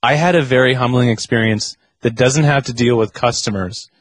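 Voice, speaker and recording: A man's voice: mid-range voice, fairly quick. A man chatting as a podcast guest, telling rambling work anecdotes with lots of fillers and quoted voices. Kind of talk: casual storytelling chat.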